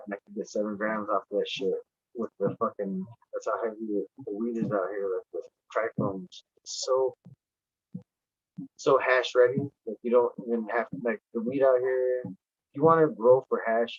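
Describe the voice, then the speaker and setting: As a podcast guest, a man chats casually and tells stories in a rambling, emphatic style laced with heavy profanity. His medium-pitched voice comes through a dull, dry, lo-fi recording.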